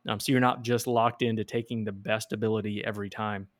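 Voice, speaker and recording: A man's voice: lowish voice, little pitch movement, quick pace. A man co-hosting a board game podcast, talking casually and often restarting his sentences. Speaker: podcast co-host. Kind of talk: casual chat.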